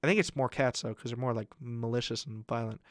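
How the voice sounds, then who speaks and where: A man's voice: medium pitch, steady tone, fast talker, no echo, clean studio sound. Young man rambling crude podcast stories. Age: young adult. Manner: crude, rambling storytelling full of fillers. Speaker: podcast co-host. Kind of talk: casual podcast storytelling.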